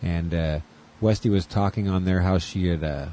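Mellow-voiced man rambling through stories. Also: low-pitched, normal speed, slight background noise. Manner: rambling, jokey storytelling. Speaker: podcast co-host. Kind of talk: casual chat.

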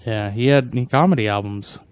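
A man's voice: mid-range voice, fairly quick, clean tone, dry recording. A man co-hosting a casual podcast, rambling with curious questions and reading out trivia. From US Northwest. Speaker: podcast co-host. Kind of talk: casual chat.

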